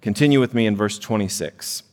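A man's voice: on the low side, brisk. A man in his thirties preaching a sermon in church, conversational and self-deprecating, with frequent "right?" asides. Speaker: pastor. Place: church sanctuary. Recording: long hall reverb.

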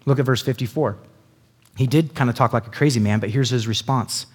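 A man's voice: medium pitch, fairly quick, breathy edge. A man giving a casual Bible teaching, chatty and full of asides that check in with his listeners. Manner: chatty, lots of "like" and "right?" asides.

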